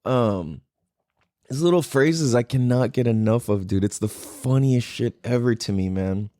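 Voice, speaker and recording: A man's voice: medium pitch, measured pace, no echo, clean studio sound. A young man hosting a podcast, chatting casually with lots of swearing and laughter. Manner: animated, swearing, laughs a lot. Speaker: podcast host. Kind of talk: casual chat.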